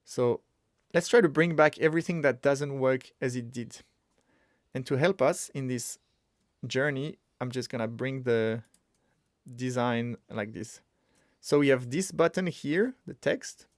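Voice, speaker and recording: A man's voice: mid-range voice, a little slow, dry recording. Chatty man live-coding, dry close sound. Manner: chatty, excitable, thinks aloud with many restarts. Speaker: streamer teaching web development. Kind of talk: casual live coding stream.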